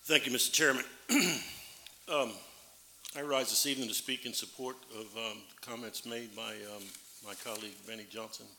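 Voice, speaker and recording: A man serving as a parish councilman gives a formal floor speech, pausing often and reading legal text aloud slowly. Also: medium pitch, steady tone, vocal fry, sharp tone. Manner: halting, reads legal text aloud slowly with many fillers. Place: council chamber. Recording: echoey meeting room with faint background hum.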